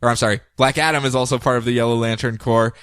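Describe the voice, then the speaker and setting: A man co-hosting a podcast, recapping comic books in a casual, animated way and laughing often. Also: mid-range voice, clean tone, dry recording, clean studio sound. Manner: animated, laughing, puts on quick voices for characters. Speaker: podcast co-host.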